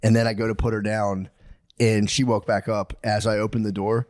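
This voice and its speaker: A man in his thirties co-hosting a comedy podcast, rambling casually and acting out quotes with sudden high-pitched yelps. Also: little pitch movement, a little fast, a little mellow, no room sound, studio quality. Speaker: podcast co-host.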